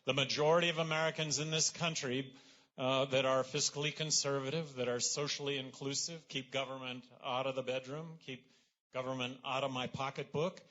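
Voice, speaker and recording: Man, rally speech, sharp bright voice, casual with fillers, muffled lo-fi recording. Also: mid-range voice, brisk. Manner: relaxed and conversational, with fillers and self-deprecating asides. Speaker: candidate speaking at a rally. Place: political rally.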